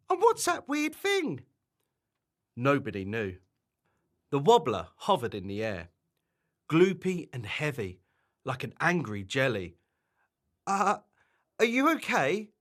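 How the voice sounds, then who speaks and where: A man reading a children's bedtime story aloud, in an animated and expressive way. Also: mid-range voice.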